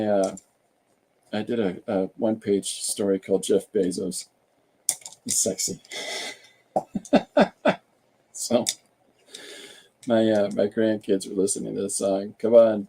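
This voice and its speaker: An older man chats casually as host of a live stream, wandering from thought to thought with plenty of hesitations. His voice is gravelly, very dark and a little husky. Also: fairly low pitch. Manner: rambling, hesitant, full of filler sounds. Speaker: podcast host. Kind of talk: casual livestream chat.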